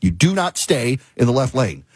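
Very animated and at a moderate pace, with no echo, a man hosts a talk show and rants casually through his stories. He sounds exasperated, repeats himself for emphasis, laughs partway through sentences, and erupts into high-pitched exclamations.

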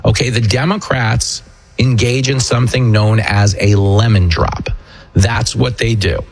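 Host, male, New York accent, husky, mid pitch, sarcastic monologue delivery. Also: steady tone, unhurried. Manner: mocking, acts out quotes in a shrill high voice. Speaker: show host. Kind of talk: political commentary monologue.

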